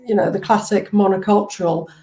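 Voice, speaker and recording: A woman's voice: medium pitch, fairly even intonation, a little fast, vocal fry, mellow, rough recording. A woman with an accent between British and Australian, talking candidly and reflectively as a guest in a casual interview. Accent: mixed British and Australian. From UK, Australia and Kenya. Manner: reflective, candid, laughs lightly. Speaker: podcast guest, TCK coach.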